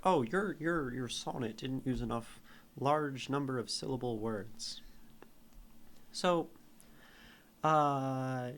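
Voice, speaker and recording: A streamer with a medium-pitched, fairly bright voice reads a poem aloud live and then dissects its meter and syllables.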